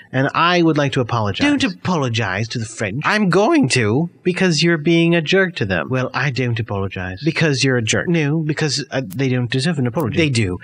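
Ranting comedy radio host. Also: male voice, medium pitch, a bit bright. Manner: ranting, indignant. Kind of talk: comedy radio show, bickering with himself.

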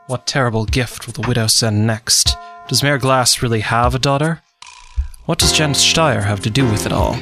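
A man giving dramatic, measured scripted narration for a radio drama. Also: mid-range voice, fairly bright tone, soft background music.

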